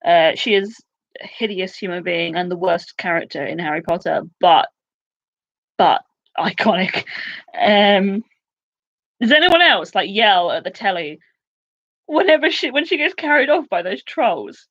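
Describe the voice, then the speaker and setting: A woman's voice: mid-range voice, lo-fi sound. Chatty woman hosting a quiz. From United Kingdom. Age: 20s. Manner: chatty and excitable, quick asides and laughs. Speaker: quiz host. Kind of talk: casual live quiz hosting.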